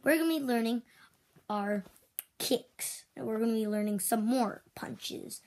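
A woman voicing a strict female toy karate teacher in make-believe play, switching between loud drill shouts and whispers. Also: fairly high pitch, a little slow. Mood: bossy.

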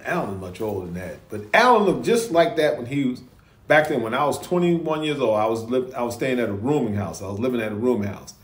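High, lively man laughing through stories. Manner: chuckling storyteller, animated. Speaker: reaction video host. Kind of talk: casual reaction commentary. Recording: roomy echo.

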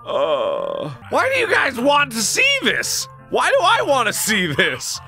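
Guy doing game commentary, high bright voice, swoops all over, lots of horrified yelps and laughs. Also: slow, creaky, soft background music. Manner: animated, horrified exclamations and frequent laughter. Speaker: gaming video host. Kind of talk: let's play commentary.

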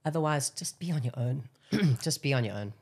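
A woman, an actress as guest, talking openly in an interview, often pausing and repeating words. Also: a bass voice, expressive, a little mellow, husky. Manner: halting, repeats words, breaks into song snippets. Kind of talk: candid interview chat.

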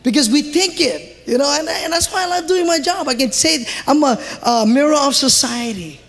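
A man with a Hawaiian Pidgin-tinged accent doing loud, animated live stand-up in a large theatre. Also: extremely high pitch, moderate pace, big-room sound. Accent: Hawaiian Pidgin-tinged English. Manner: loud, animated, shouting punchlines. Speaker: stand-up comedian. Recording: live theatre recording with audience noise.

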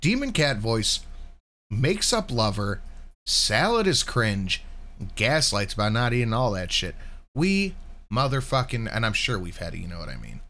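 A man's voice: lowish voice, big pitch swings, unhurried, fairly bright tone. A man hosting a live-stream reaction, mocking what he watches and swearing freely. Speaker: stream host.

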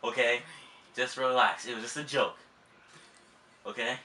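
At home shooting a prank video, a young vlogger keeps saying sorry, repeating himself amid nervous laughter. He speaks at medium pitch with fairly even intonation, unhurried but pushed and bright, picked up by a distant mic in a roomy space.

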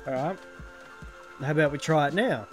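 Male let's-play streamer, fairly high voice, casual chuckling commentary. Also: normal speed, music in the background. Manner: chuckling, offhand remarks. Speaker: gaming streamer.

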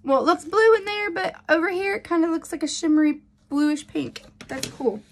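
A woman in her thirties unboxing a gift on a phone camera, gushing with thanks between slow, halting fillers. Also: very high voice, a little hiss or hum. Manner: gushing and grateful, many fillers. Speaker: beauty seller unboxing a gift. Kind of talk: casual unboxing vlog.

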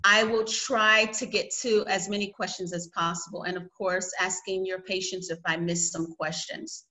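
A woman's voice: medium pitch, little pitch movement, moderate pace, sharp tone, poor audio. A woman with a Southern US accent moderating an online conference session over a video call, giving friendly, orderly reminders. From United States.

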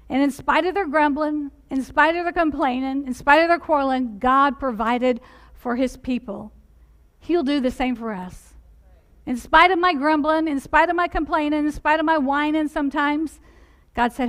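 A woman preaching a sermon in a church, earnestly putting direct questions to her listeners and softening her voice for the gentle points. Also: high voice, moderate pace. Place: church sanctuary.

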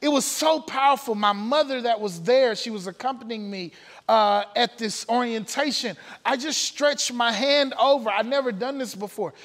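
A man's voice: extremely high pitch, normal speed, fairly bright tone, big-room sound. A man preaching a testimony sermon, telling his story earnestly with frequent filler sounds. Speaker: pastor. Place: church sanctuary.

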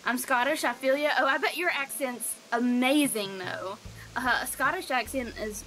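With a high, sharp-toned voice at normal speed, a young Southern streamer from Alabama talks casually to her livestream audience over soft background music. She reads chat aloud during gameplay and peppers her talk with ums and likes.

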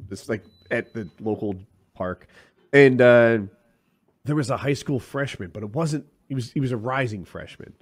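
A man co-hosting a casual podcast, telling an anecdote with frequent "uh" pauses. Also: mid-range voice. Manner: anecdotal, trails off with "uh". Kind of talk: casual storytelling chat.

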